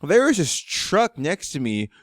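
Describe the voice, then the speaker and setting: A young man co-hosting a podcast, telling a road trip story with lively acted-out quotes. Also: on the high side, a little slow, dry recording, studio quality. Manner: animated storyteller, acts out quotes. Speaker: podcast co-host. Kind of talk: casual chat.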